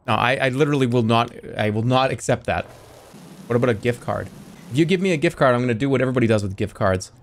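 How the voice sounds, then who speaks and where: A man in his thirties streaming a game, chatting casually and telling animated stories with lots of restarts. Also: a little hiss or hum. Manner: animated storytelling, acts out voices with big pitch jumps; rambling with frequent restarts. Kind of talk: casual chat while gaming.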